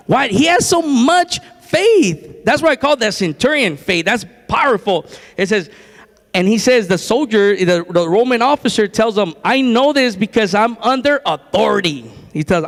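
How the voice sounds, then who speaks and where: A man preaching a sermon in a church, talking in an excited, conversational way and repeating his phrases. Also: high-pitched, big-room sound. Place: church sanctuary.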